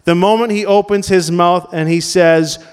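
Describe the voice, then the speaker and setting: High-voiced male pastor in a reverberant hall. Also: steady tone, moderate pace, clean tone. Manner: conversational preaching, questions the congregation. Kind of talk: sermon. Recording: long reverb of a large hall.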